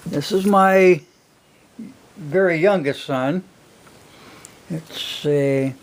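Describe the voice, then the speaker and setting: Older man, high-pitched, casual folksy storyteller, rambling delivery. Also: slight background noise. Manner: rambling, folksy, many fillers. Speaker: single father telling stories.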